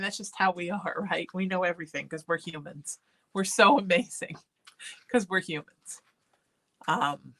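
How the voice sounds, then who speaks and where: A woman hosting a psychic call-in show, soothing callers and calling them sweetie. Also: mid-range voice. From Irish heritage. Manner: warm, soothing, calls people sweetie. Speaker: psychic medium show host. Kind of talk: call-in spiritual talk show.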